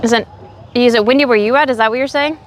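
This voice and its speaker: High-voiced sassy woman streaming outdoors. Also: quick pace, a little hiss or hum. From Oregon, USA. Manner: chatty, sassy, talks to chat. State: sick, low energy. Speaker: livestreamer. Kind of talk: casual chat with live chat. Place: outdoors in a windy park. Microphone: phone on a selfie stick.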